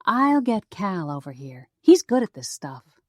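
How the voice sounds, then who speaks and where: A woman voicing an earnest, impatient young woman sleuth in an audiobook, slow and dry. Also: mid-range voice, sing-song, dry recording. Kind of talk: audiobook character voice.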